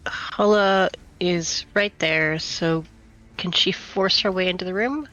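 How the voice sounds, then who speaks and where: A woman's voice: on the low side, slow pace, fairly bright tone, lo-fi sound, faint music behind. A woman playing in a tabletop game, asking tentative rule questions as she works out what her character can do. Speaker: player. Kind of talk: casual tabletop play.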